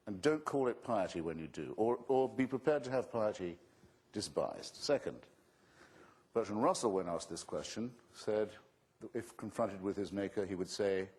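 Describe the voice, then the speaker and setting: Husky, sardonic male debater. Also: on the low side, animated, moderate pace. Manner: sardonic, witty, forceful. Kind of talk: public debate answer. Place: auditorium.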